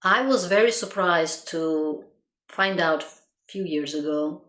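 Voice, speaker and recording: A woman's voice: fairly low pitch, measured pace, a bit bright. A woman giving an earnest reflective monologue as a motivational speaker, who repeats herself for emphasis and laughs at her own stories. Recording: roomy echo.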